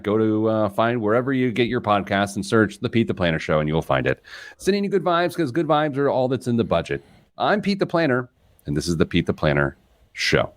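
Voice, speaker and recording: Male host, very low voice, casual and self-deprecating on air. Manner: self-mocking, chatty, jumps in pitch when excited. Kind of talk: casual radio talk show chat.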